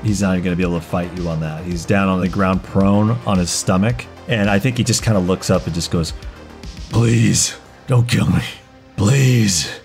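A man with a fairly low voice runs a tabletop game as its game master. He narrates the fighting in vivid, gory, profane detail, with faint music playing behind him. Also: fairly even intonation, fast talker, few pauses.

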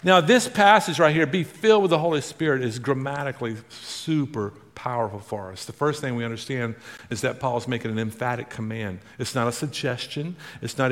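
A male pastor preaching a sermon to a congregation, drawing responses and swinging from loud emphasis to hushed. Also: medium pitch, normal speed, long reverb tail.

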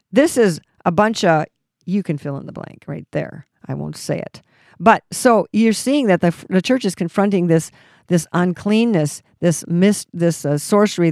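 A woman's voice: on the low side, darkish tone, no echo, clean studio sound. A woman leading a ministry, giving a Christian teaching talk in a fervent, exhorting way with frequent restarts. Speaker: ministry leader and Bible teacher.

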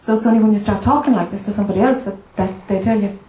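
A woman spiritual teacher telling a parable and explaining it to a group, animated and conversational, laughing often. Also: mid-range voice, racing. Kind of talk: storytelling talk to a group. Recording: echoey room, faint noise.

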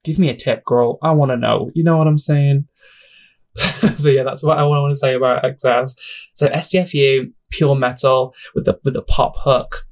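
A young man talks alone on his podcast in an easy, chatty way. He gushes, laughs at himself, drifts off topic and keeps apologizing, in a voice of ordinary pitch. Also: steady tone, moderate pace. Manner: gushing, self-deprecating, sidetracks and apologizes often. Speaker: podcast host. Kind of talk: casual solo podcast chat.

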